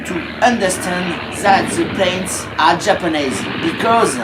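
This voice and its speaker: A man from France with a French accent, a native French speaker narrating a history talk as an amateur historian in solemn, slightly halting English. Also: sits high, heavy background noise. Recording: roomy echo.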